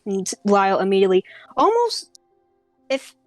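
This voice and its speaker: A woman's voice: medium pitch, sing-song, normal speed, no room sound, faint music behind. A woman playing a tabletop role-playing game, chatty and often laughing. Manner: giggly, chatty. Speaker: player. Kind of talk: tabletop role-play chat.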